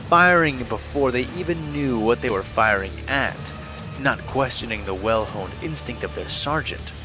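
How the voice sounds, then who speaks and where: A man narrating an audiobook with a bright, forceful tone and mid-range pitch. His storytelling is steady and dramatic, with faint music playing underneath. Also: rough recording.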